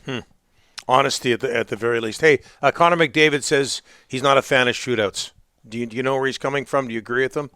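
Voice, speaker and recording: A man co-hosting a sports radio show, putting quick, conversational questions to a guest. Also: medium pitch, sharp tone, no echo, studio quality. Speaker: radio co-host.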